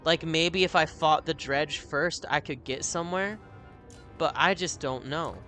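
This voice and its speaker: A man chatting and joking through live gameplay commentary, quick to laugh at his own losses. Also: a little high, bright, forceful tone, soft background music. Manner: chatty, joking, self-deprecating. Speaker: streamer.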